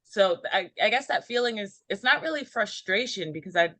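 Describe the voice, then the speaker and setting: Woman, intuitive chart reader, bright crisp tone, dry close sound, rambling delivery. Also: mid-range voice, animated, fairly quick, no room sound. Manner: meandering, intuitive, many ums. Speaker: numerology reader.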